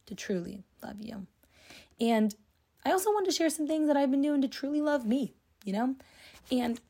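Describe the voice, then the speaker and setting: A woman's voice: medium pitch, dark tone, husky. A young woman hosting her own podcast, talking casually and chattily with lots of "like" and "you know.". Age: young adult. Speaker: podcast host. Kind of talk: casual solo podcast talk.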